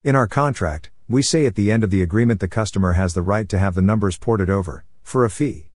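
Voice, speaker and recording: A man's voice: on the low side, fast talker, darkish tone, no room sound, studio quality. A man narrating a forum revenge story in a wry, blunt, profane manner.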